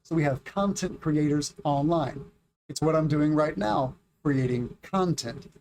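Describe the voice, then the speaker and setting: A man from the United States, middle-aged, teaching a casual English lesson on a livestream, reading chat and drilling pronunciation slowly and clearly. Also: on the high side, darkish tone, slight background noise.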